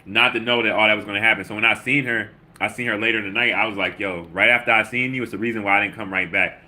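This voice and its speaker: Low, bright-voiced man. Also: steady tone, quick pace. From Baltimore. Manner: loose, slangy, reads chat comments aloud with shout-outs. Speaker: livestream host. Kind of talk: casual livestream chat.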